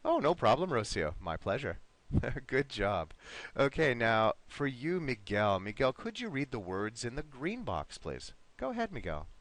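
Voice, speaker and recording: Slow, lively-voiced male English teacher. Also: mid-range voice. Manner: patient, encouraging, modeling pronunciation slowly. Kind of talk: online English lesson.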